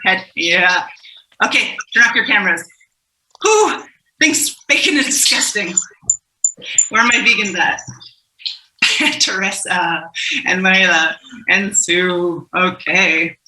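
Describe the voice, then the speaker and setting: Bright playful woman leading a video call. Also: mid-range voice, roomy sound, rough recording. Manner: playful, laughs often, calls on people by name. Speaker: facilitator leading a warm-up game. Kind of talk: upbeat group facilitation on a video call.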